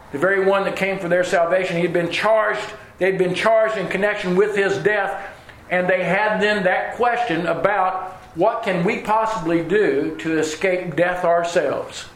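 A man preaching a sermon, telling homespun stories and chuckling as he goes. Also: high-pitched. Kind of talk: sermon with folksy storytelling. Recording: roomy hall with faint ambience.

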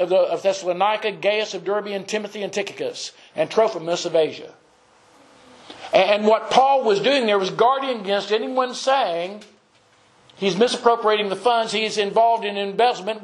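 Male preacher, higher register, earnest and measured sermon delivery. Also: poor audio.

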